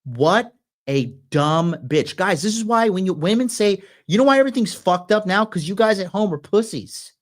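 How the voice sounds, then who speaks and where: Man, aggressive profane rant, fairly high voice, lively swings in pitch. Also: moderate pace. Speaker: podcast host. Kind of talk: ranting commentary.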